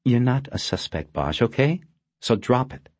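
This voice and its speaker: A man's voice: mid-range voice, lively intonation, moderate pace, a little mellow, no room sound, voice pushed up, natural voice. A man voicing a tightly controlled female federal agent who speaks in a cool, clipped, defensive way. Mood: guarded.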